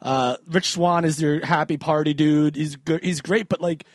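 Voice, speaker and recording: A man's voice: fairly high pitch, steady tone, normal speed, no echo. Chatty man on a dry podcast mic. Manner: rambling, enthusiastic, lots of fillers. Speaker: podcast co-host. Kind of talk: casual wrestling chat.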